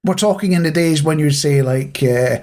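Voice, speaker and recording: A man's voice: a little high, moderate pace, darkish tone. A Scottish man co-hosting a podcast, chatting casually with a playful, mock-conspiratorial manner. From Scotland. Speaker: podcast co-host. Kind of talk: casual chat.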